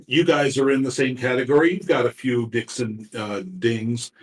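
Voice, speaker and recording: A man narrating a tabletop game as game master, talking haltingly with many fillers and restarts. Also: mid-range voice, steady tone. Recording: roomy echo, far from mic.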